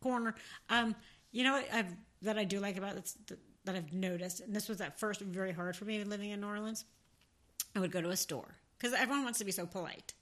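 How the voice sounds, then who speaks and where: A woman co-hosting a casual podcast, her accent a blend of New Jersey and the American South. Her voice is bright and forward, and she tells stories with animated, frequent laughter. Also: medium pitch, fast talker. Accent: mix of New Jersey and Southern US. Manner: animated, laughs often, storytelling. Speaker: podcast co-host. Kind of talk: casual chat.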